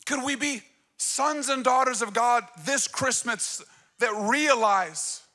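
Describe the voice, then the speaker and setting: A male pastor delivers an energetic, emphatic sermon from a church stage. His voice sits very high and sounds bright and forceful.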